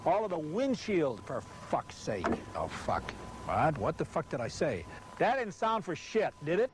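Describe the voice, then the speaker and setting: A man who swings up and down in pitch as he curses and rants at the crew between takes. His voice sits a little high for a man. A faint hiss of noise hangs under the old recording. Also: very animated, measured pace. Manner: cursing nonstop, frustrated, barking at crew. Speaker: voice-over announcer. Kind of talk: angry outtakes from a commercial recording session. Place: recording set with hot lights and a car.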